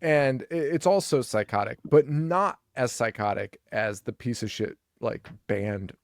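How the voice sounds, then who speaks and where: Gravelly young man, swearing podcast host. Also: mid-range voice, unhurried, dry recording, clean studio sound. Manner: animated, profane, acts out characters' lines. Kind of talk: casual movie-review chat.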